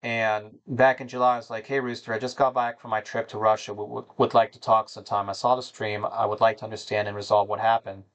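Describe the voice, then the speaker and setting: Speaking quickly with a low, level voice and barely pausing, a male gaming host delivers a casual monologue to viewers. His talk wanders, somber and dejected, full of fillers and restarts.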